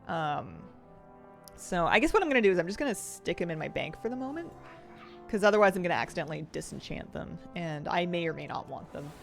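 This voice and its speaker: A game streamer chats away while she plays, a woman thinking out loud and laughing easily. Her voice sits a little low and swings widely in pitch. Her delivery has a gravelly edge of fry. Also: expressive, fast, soft background music. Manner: chatty and rambling, thinks aloud, laughs easily. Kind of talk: casual live-stream chat while gaming.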